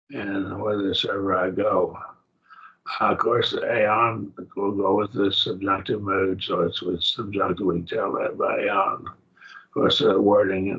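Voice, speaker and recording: A man with a very low, gravelly voice teaches a Bible class at an unhurried pace. He walks through the Greek grammar one step at a time and keeps checking that the students follow. The recording sounds dull and lo-fi. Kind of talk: college-level Bible study lesson.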